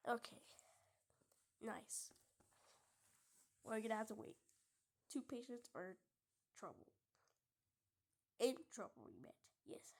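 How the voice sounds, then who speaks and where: A woman's voice: a little high, unhurried, creaky, long pauses. A young woman giving casual gameplay commentary, giggling and often dropping into half-whispered asides. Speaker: gamer.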